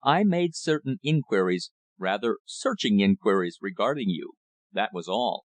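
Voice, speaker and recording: A man's voice: fairly low pitch, moderate pace, vocal fry, dry recording. Man doing a drawling country rector. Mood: calm, guarded. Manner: calm and guarded. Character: calm, drawling, thin-faced male country rector.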